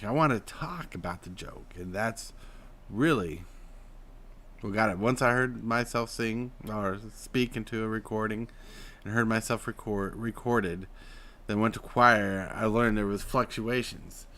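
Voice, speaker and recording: A man's voice: fairly low pitch, unhurried. Man from Utah chatting on a live stream. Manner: explains voice technique, swings between flat drawl and excited emphasis. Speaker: streamer host. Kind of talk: casual live-stream chat.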